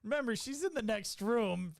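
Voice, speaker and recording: A man's voice: high-pitched, lively intonation, normal speed, creaky, no room sound. A man co-hosting a live podcast over a video call, chatting casually, laughing often and steering the talk. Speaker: podcast co-host.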